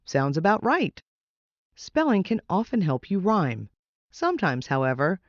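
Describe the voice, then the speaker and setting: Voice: mid-range voice, no echo, highs cut off. A reader steadily reading a children's nonfiction book aloud.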